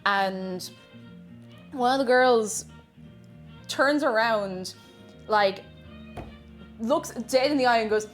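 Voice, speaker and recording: A woman's voice: fairly high pitch, slow pace, pauses often, soft background music. A young woman with an Irish accent, chatting casually on a live stream while she bakes, reading chat aloud and joking along. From Ireland.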